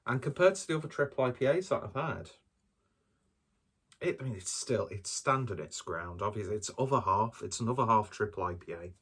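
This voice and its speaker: A man's voice: fairly low pitch, animated, brisk, a bit bright, husky. A man doing a casual solo beer review, talking in a rambling, hesitant and self-deprecating way.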